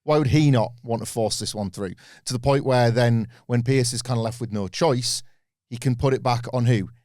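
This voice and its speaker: A man's voice: mid-range voice, normal speed, darkish tone, dry recording, studio quality. A man co-hosting a wrestling podcast, talking in an enthusiastic, rambling way with asides. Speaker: podcast co-host. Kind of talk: casual opinionated chat.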